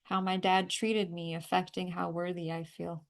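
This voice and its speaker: A woman leading a guided energy-healing call, calmly repeating affirmations and breathing cues. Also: on the low side, moderate pace, vocal fry. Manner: calm, repetitive guiding with breathing cues. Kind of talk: guided tapping and affirmation session.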